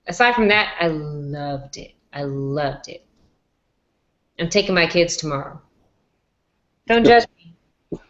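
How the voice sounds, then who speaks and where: A woman's voice: deep voice, measured pace, fairly bright tone. Bubbly woman gushing in casual chat. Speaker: guest in live chat. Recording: dull lo-fi stream audio.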